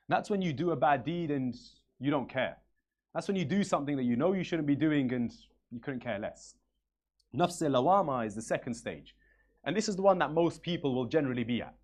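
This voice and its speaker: A man's voice: mid-range voice, darkish tone. A man preaching from the pulpit, telling stories and repeating phrases for emphasis in an earnest way. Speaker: religious speaker. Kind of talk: sermon storytelling.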